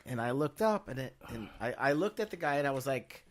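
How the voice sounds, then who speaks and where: Animated joking male co-host. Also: medium pitch, fairly quick. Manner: joking, teasing, animated storytelling. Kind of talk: casual studio chat.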